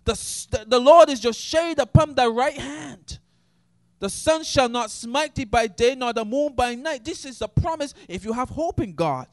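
A man preaches with fervor, his voice sitting very high for a man. He swings from ringing shouts of praise down to low, hushed stretches. The sound is close and dry, with no room around it. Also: expressive, normal speed, no echo. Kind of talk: sermon.

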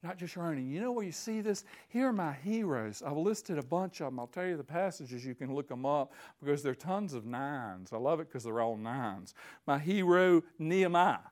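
A man preaching a sermon, reading scripture aloud with slow emphasis and swinging from hushed tones to near-shouting fervor. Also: on the high side, animated.

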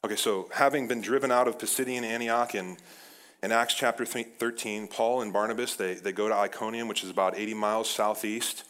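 A man's voice: lowish voice, brisk. Fired-up pastor, man. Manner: energetic, casual, with frequent "like" and "guys". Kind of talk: sermon.

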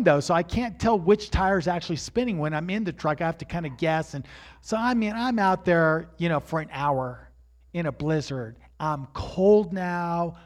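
High-voiced animated male preacher. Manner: animated storyteller, rising to shouts at high points.

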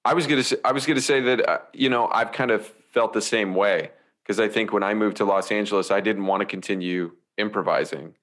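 A man's voice: fairly low pitch, fairly quick, fairly bright tone. A man co-hosting an interview podcast, teasing the guest in a dry, casual way. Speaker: podcast co-host.

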